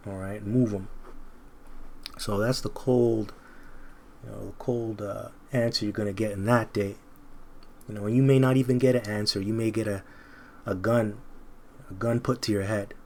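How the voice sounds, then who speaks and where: A man's voice: fairly low pitch, fairly even intonation, moderate pace, pauses often, darkish tone, slight background noise. A man teaching scripture informally, reading verses aloud and commenting bluntly in casual slang.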